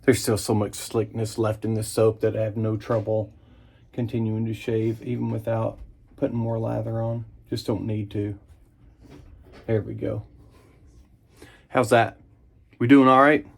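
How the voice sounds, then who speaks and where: A man's voice: lowish voice, measured pace, creaky, long pauses. Guy in his 30s doing a shave vlog in the bathroom, easygoing, hums a lot, water running. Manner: relaxed, enthusiastic, chatty with small hums of approval. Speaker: wet shaving channel host. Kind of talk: casual shaving vlog talk. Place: home bathroom at the sink, indoors.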